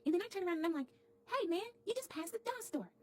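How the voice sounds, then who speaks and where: A woman's voice: very high-pitched, lively intonation, fast talker, darkish tone, slight background noise. A woman voicing a sweet, chatty little girl doll who stammers and repeats her words as she tells a comic story to camera.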